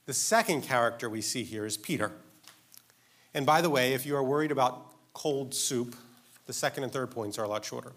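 A man's voice: mid-range voice, fairly quick, fairly bright tone. A man preaching a sermon in an earnest, emphatic way, asking his listeners direct questions.

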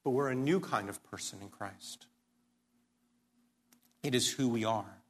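A man's voice: mid-range voice, a little slow. A man preaching a sermon, earnest and emphatic, often posing questions and restarting his sentences. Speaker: pastor.

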